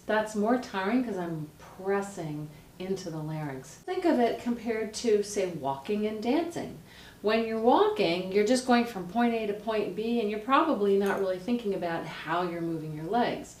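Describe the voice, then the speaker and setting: A woman, a vocal coach, explaining how to speak healthily in a lively, direct teaching manner. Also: mid-range voice, moderate pace. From United States. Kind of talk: instructional explanation with voice demonstrations. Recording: roomy, distant mic, faint noise.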